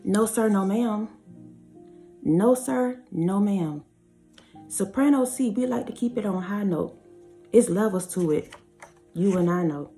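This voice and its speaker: A woman's voice: medium pitch, a little slow, long pauses, dark tone, soft background music. A woman giving emphatic, preachy spiritual reading commentary, drawing out her phrases. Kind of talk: spiritual reading commentary over song lyrics.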